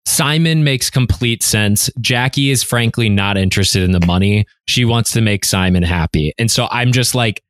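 A man co-hosting a podcast, discussing a book in casual, unhurried chat with some swearing. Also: lowish voice, a bit bright, no echo, clean studio sound. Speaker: podcast co-host.

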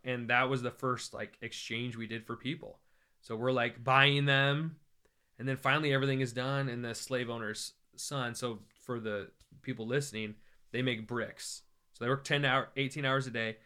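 American male evangelist, guest storyteller, bright tone, animated and humorous. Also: mid-range voice, clean tone. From United States. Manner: animated, joking, acts out quoted voices. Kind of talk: conversational storytelling.

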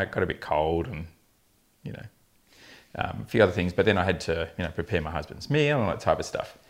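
A man's voice: low voice, vocal fry. A man, a fertility specialist telling blunt, funny patient stories in a casual podcast chat. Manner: anecdotal, laughing often, blunt humour.

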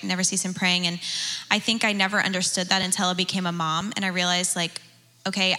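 A woman's voice: mid-range voice, pushed and bright, poor audio. A young woman pastor leading a church panel, talking earnestly and chattily, often asking "right?". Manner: earnest, chatty, sprinkled with "you know" and "right?".

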